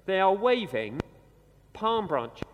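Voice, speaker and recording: A man delivers a sermon in a bright, high voice that swoops up and down with energy. He talks conversationally and slows to a hush on key words. The church around him adds a long, trailing reverb. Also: slight background noise. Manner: conversational, animated, with dramatic pauses and slowed emphasis. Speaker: preacher.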